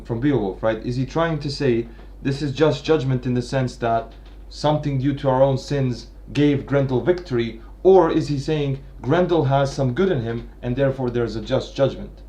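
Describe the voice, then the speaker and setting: A man thinking aloud through a literary analysis at a medium pitch. He keeps restarting his phrases and checks in with a steady "right?" after each point. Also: moderate pace, hardly any pauses. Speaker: literature commentator. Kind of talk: unscripted analytical lecture.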